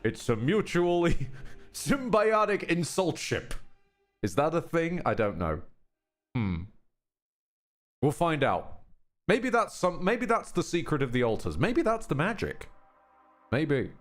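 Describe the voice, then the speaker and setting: A man's voice: fairly high pitch, huge pitch swings, a little slow, pauses often, faint music behind. A man live-streaming a game, chatting casually and wryly with his chat. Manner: chatty, wry, self-mocking, thanks chat.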